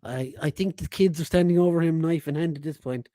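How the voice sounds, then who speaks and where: Male podcast host in his 40s, rambling casual chat, mellow voice, dry close sound. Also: a little high, a little fast, no room sound. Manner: rambling, stumbles over words.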